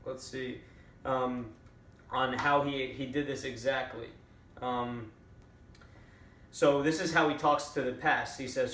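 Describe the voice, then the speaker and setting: Male presenter with a mid-range voice, casual and halting, in a roomy space. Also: medium pitch, fairly even intonation, fairly bright tone. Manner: hesitant, many fillers and restarts. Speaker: book summary presenter. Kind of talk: casual explainer talk. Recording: echoey room, a little far from the mic.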